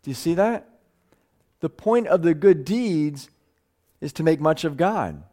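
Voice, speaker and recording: A man with a somewhat high voice preaches a live sermon to his congregation. He is earnest and a little clumsy with words, often restarting phrases. When he drives a point home, his pitch climbs and his pace quickens. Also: lively intonation, dark tone.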